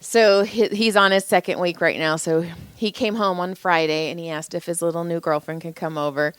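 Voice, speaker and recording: A woman in her forties co-hosting a podcast, telling stories in casual chat, animated and swearing freely. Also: normal speed, smooth, dry recording. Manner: animated, swears freely, jumps pitch up for quoted voices. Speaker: podcast co-host.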